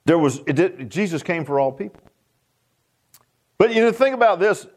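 A man's voice: high voice, expressive, normal speed, a little mellow. A man preaching a sermon, folksy and joking, often asking the congregation questions. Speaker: pastor.

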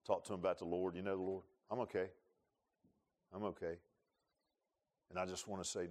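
A male pastor preaching a sermon, repeating himself and swinging from quiet, confiding lines to loud, fervent peaks. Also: deep voice, little pitch movement, a little fast, long pauses. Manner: repeats words and restarts, folksy asides.

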